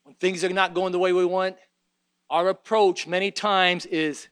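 A man delivering a sermon in a strikingly high, bright voice. He moves between folksy, joking asides and fervent, emphatic exhortation. The recording is dry and close. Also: little pitch movement, moderate pace, clear, resonant tone, dry recording. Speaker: preacher.

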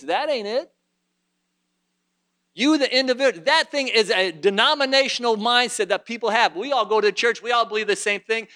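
A man preaching a sermon in a church, climbing to fervent shouting and then dropping to quiet, conversational storytelling. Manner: rises to shouted fervor, then drops low and conversational. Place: church sanctuary.

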